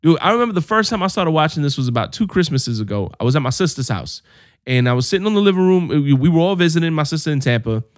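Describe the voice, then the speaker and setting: A man co-hosting a podcast, telling animated, jokey stories in casual chat with some swearing. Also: a little high, quick pace, no room sound, studio quality. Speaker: podcast co-host.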